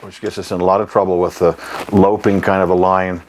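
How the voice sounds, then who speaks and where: Deep-voiced man teaching jazz phrasing. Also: flat delivery, brisk, darkish tone, faint music behind, low-quality recording. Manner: plain-spoken, emphatic, often clears his throat, scats rhythms. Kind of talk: instructional demonstration.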